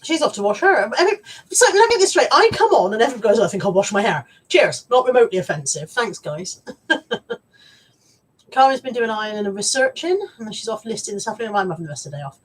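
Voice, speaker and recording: Husky, sing-song and fairly quick, a woman's mid-range voice comes through a camera mic a little away from her. She hosts a live stream, bantering casually with viewers and teasing them through frequent laughs.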